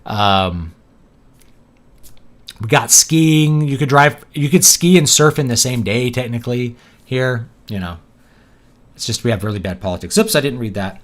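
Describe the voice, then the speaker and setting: A man's voice: mid-range voice, measured pace, long pauses. A man from East Texas chatting casually while playing a video game, rambling from topic to topic and laughing often. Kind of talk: casual gameplay commentary.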